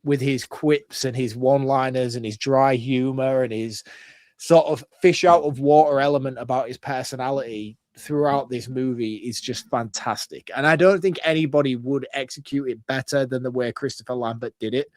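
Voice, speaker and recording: A man's voice: medium pitch, moderate pace, no room sound, clean studio sound. A man co-hosting a podcast, talking about a film in an earnest, enthusiastic, rambling way. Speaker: podcast co-host. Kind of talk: casual film review chat.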